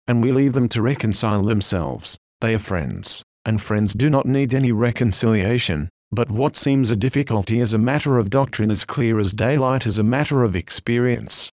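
A man reading an old sermon aloud in a steady, solemn, declamatory way. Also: mid-range voice, no echo, clean studio sound. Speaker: preacher.

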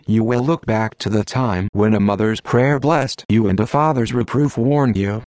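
A man reading a sermon aloud in an earnest, measured, exhorting manner. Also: fairly low pitch, darkish tone, no echo. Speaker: preacher. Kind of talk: read sermon.

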